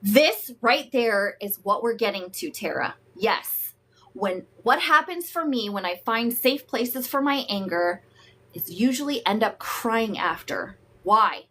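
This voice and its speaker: A woman's voice: fairly high pitch, animated, unhurried, bright, forceful tone, a little hiss or hum. A woman coaching viewers through a live-streamed talk. She is frank and emphatic, swears freely, and greets viewers by name. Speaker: host and emotional wellness coach.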